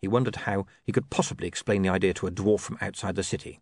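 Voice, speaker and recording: A man's voice: deep voice, fairly even intonation, fast, hardly any pauses, a little mellow, no room sound. A man reading a comic novel aloud as narrator, with wry, dry storytelling. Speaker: audiobook narrator. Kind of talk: scripted narration.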